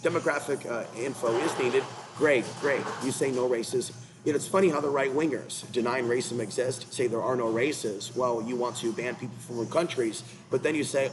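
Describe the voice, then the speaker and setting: A man's voice: mid-range voice, normal speed, background noise. A man hosting his own channel, ranting in an agitated, repetitive, confrontational way, apparently while in a car. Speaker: channel host. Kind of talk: rambling commentary rant.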